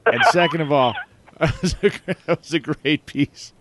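A man's voice: fairly high pitch, normal speed, slight background noise. A man hosting a call-in show, reacting with enthusiasm and chatting casually. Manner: enthusiastic, laughing, lively. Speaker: host.

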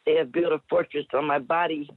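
A woman poet chatting through a story with laughs, then reciting a spoken-word poem with dramatic jumps in pitch. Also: steady tone, fairly quick, husky, no echo. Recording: tinny phone-like radio line.

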